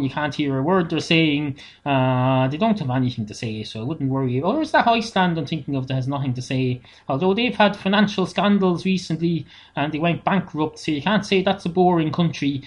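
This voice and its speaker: Irish man rambling deadpan comedy. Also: a little high. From Ireland. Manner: deadpan, meandering, frequent "uh" fillers. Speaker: comedic monologist. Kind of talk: rambling solo comedy monologue. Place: home setup. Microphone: self-recorded into editing software on a computer, no monitoring.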